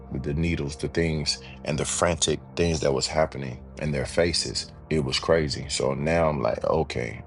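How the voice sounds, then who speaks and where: A man with a strikingly deep voice tells his own story as an interview guest. He talks casually and animatedly, often saying "you know what I mean" and acting out other people's lines. Faint music plays underneath. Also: vocal fry. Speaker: podcast guest.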